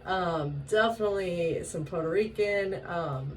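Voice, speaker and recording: A woman from Washington state telling a story in a casual, animated way, laughing often and acting out the voices she quotes. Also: lowish voice, measured pace. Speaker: vlogger. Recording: distant mic with faint ambient noise.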